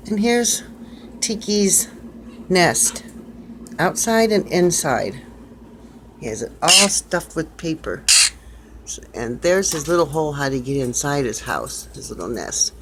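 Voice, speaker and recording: A woman's voice: deep voice, big pitch swings, takes it slowly, pauses often. An older woman showing her pet birds at home, talking to them in sing-song baby talk. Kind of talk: casual home video chat. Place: home room with bird cages. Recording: noisy home video with chirping birds.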